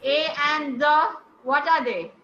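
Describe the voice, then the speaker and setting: A woman leads a speaking lesson with a high, bright voice. She explains step by step and keeps asking the group questions. The sound is roomy and a little dull, as if taped in an echoey meeting room. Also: slow, a little hiss or hum. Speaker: speaking coach. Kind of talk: classroom lesson on word stress.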